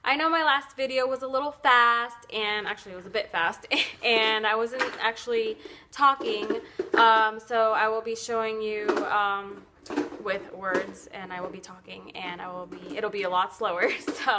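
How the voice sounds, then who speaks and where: A woman's voice: a little high, steady tone, moderate pace, heavy background noise. A woman giving a casual at-home how-to tutorial, chatty and rambling, full of fillers, self-corrections and little self-amused laughs. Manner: laughs often at herself. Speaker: nail wrap seller demonstrating at home.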